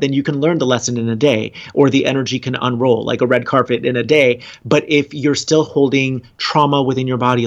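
A man talking earnestly about relationships and spirituality as a podcast guest, rambling and laughing often. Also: mid-range voice. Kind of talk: casual podcast conversation. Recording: dull lo-fi sound.

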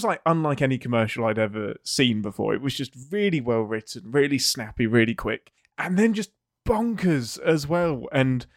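A man's voice: mid-range voice, dry recording, studio quality. A young English man with an English accent, co-hosting a casual podcast chat, playful and laughing often. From England. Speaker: co-host, writer.

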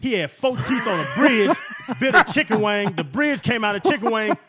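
A man in his forties, a former football player, telling profane, animated stories as a podcast guest. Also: sits high, moderate pace, slightly rough. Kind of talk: casual storytelling.

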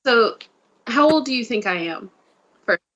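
A woman's voice: fairly high pitch, animated, moderate pace, a bit bright, slightly rough, highs cut off. A woman, a guest chatting casually and playfully. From Mississippi, USA. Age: 20s. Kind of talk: casual chat.

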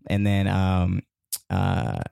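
A man telling a long, rambling story as a podcast guest, animated and full of fillers. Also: sits low, extremely slow, vocal fry, no room sound, studio quality, soft background music. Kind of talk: casual storytelling.

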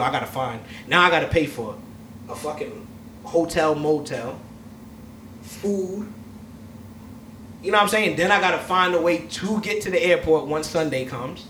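A man hosting a casual chat, telling a long story in a loud, profane, laughing way. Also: high-pitched. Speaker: host. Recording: echoey room, mic far off, faint noise.

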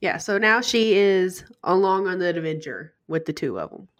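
Podcast co-host, woman, relaxed plot-summary delivery, lower pitch. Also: normal speed. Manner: easygoing, plot-summarizing storyteller. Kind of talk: casual movie recap chat.

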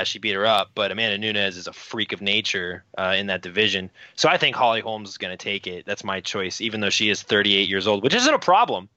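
A man with a low, bright, forceful voice chatting as a podcast guest, pausing often with fillers. The sound is dry and a little dull, close to the mic. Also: no echo. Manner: hesitant, full of uh fillers. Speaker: guest, jiu-jitsu athlete. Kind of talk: casual podcast chat.

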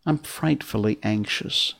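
A man's voice: on the low side, a little slow, creaky, a bit bright. A man voicing a silly, playful young boy.

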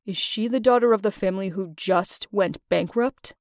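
A woman's voice: mid-range voice, normal speed, no echo, studio quality, pitched below the performer's own voice, close to an everyday voice. A woman voicing a stern wealthy father who speaks with cold contempt and gives orders. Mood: scornful. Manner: contemptuous, commanding.

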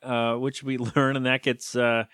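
A podcast co-host chats casually and jokingly while recapping a TV episode, rambling with plenty of fillers. He speaks unhurriedly in a medium-pitched, fairly bright voice with little pitch movement, recorded dry with clean studio sound.

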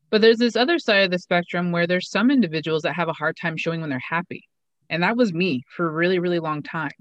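A woman's voice: lowish voice, dry recording. A woman co-hosting a podcast, speaking in a thoughtful, articulate and wry way in casual chat. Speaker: podcast co-host. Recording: dull lo-fi mic.

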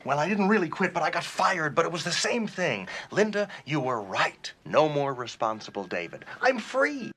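Brief: bitter middle-aged man on a breathy, swinging tantrum, childish and sarcastic. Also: on the high side, big pitch swings, moderate pace, few pauses, a bit bright, exaggerated voice. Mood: giddy, sarcastic. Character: bitter middle-aged male executive, ranting, petulant. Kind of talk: film dialogue.

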